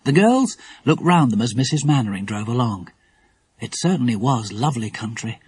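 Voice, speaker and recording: Animated husky-voiced male narrator. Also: medium pitch, moderate pace, no room sound. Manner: animated, expressive. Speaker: audiobook narrator. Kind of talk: children's audiobook narration.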